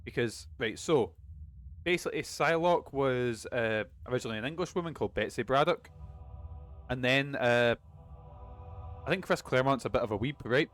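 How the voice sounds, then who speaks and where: Chatty swearing streamer, game music behind. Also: male voice, medium pitch, normal speed, pauses often, fairly bright tone. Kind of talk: casual gaming commentary.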